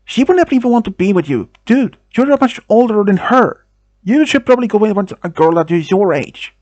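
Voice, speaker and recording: Give me a man playing a young woman scolding someone fast, higher voice. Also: lively intonation, no room sound, dull audio. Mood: angry. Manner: sharp and scolding. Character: young woman, angry protective friend.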